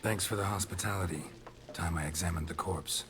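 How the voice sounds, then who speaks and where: An actor playing a gruff, grizzled male monster hunter who talks in clipped, terse phrases. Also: low-pitched, steady tone, fairly quick, close to an everyday voice. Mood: curt. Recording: game audio with loud music behind.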